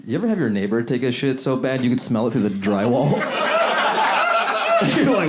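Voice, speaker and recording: Male stand-up from the Seattle area, animated delivery, audience laughter behind him. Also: mid-range voice, moderate pace, pauses often, over a noisy crowd. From Seattle area, USA. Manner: loose, chuckling, lively voices for bits. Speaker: stand-up comedian. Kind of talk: stand-up set, working on new material. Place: comedy club with a laughing audience. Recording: live club audience audible.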